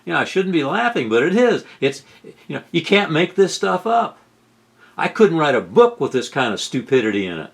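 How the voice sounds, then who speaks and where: A middle-aged man giving sarcastic political commentary over video clips, incredulous and rising to loud outbursts. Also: a little high, sing-song, normal speed, vocal fry. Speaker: commentary host.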